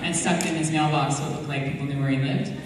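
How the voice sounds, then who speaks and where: Woman, convention panel guest, animated anecdotes, long hall reverb, audience noise. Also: deep voice, fast. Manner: animated storyteller, acting out quoted voices. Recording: echoey hall recorded from far off.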